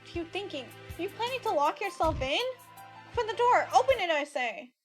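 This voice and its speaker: A woman's voice: sits high, brisk, a bit bright. A woman voicing an imperious, haughty male student in a game, with game music behind. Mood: demanding. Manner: imperious, commanding.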